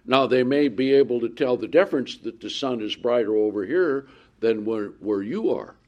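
A man's voice: medium pitch, normal speed, lo-fi sound. A man preaching a sermon, reading Bible verses with rising emphasis and asking his listeners questions that he answers himself.

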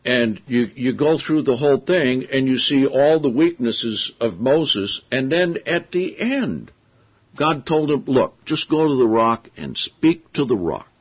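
Male preacher, husky voice, acts out the quotes, muffled lo-fi sound. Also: medium pitch, a little slow. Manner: animated storytelling, acting out quotes. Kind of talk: sermon. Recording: dull lo-fi sound.

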